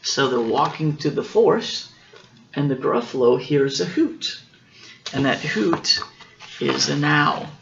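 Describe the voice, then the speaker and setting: A father reading a picture book aloud to his children, gently explaining the story as he goes. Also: fairly high pitch, lively intonation, slow pace, gravelly, muffled recording, slight background noise.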